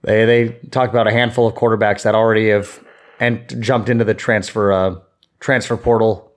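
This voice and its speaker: A man's voice: fairly low pitch, flat delivery, fairly quick. A man co-hosting a sports podcast in casual chat, rambling with lots of fillers. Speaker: podcast co-host.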